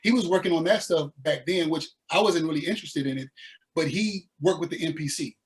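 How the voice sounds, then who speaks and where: A man from the American South, a musician guest telling his story in a laid-back, animated way with slang. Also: fairly high pitch, brisk. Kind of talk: casual interview storytelling.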